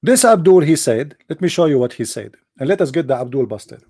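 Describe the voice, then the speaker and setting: A man with a fairly high voice hosts a live religious debate stream. He speaks sarcastically and taunts opponents by name, recorded dry and close with no room sound. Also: lively intonation, brisk, mellow, breathy edge, no echo. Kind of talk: mocking live-stream polemic.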